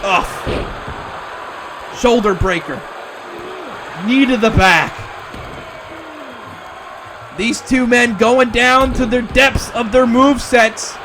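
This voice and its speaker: A man calling wrestling play-by-play, excitable and breaking into shouts at near-falls. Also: very high voice, takes it slowly, long pauses, over music, crowd noise. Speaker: wrestling commentator. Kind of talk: play-by-play commentary.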